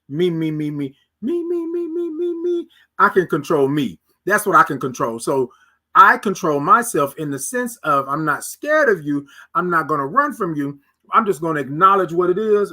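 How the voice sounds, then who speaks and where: A middle-aged man hosts a casual morning livestream, reading viewer comments out loud and stretching his greetings with preacher-style repetition. His voice is fairly high, bright and forceful.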